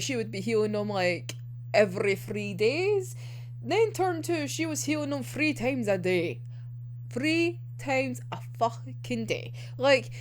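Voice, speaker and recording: A young woman giving a casual anime commentary, animated and heated, swearing a lot and filling with "like". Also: mid-range voice, a little hiss or hum. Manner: animated, heated, heavy swearing, many fillers. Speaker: anime reviewer.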